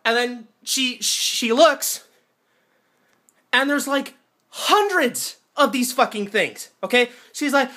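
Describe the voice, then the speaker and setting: A young man at home, filmed on a handheld phone camera, ranting and swearing about a movie he hated, with yelled outbursts. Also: extremely high pitch, measured pace. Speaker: movie reviewer. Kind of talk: angry movie-review rant.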